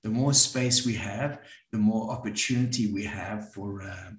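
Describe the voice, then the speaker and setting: A man with a South African accent, giving a reflective, earnest talk to a live audience, often pausing and restarting his sentences. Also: on the low side, echoey room. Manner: earnest, with frequent restarts and pauses. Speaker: speaker at a community event.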